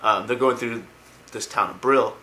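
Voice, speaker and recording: A man's voice: medium pitch, normal speed, bright, forceful tone, a little hiss or hum. A man casually retelling video game lore, rambling with lots of ums and likes. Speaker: lore explainer.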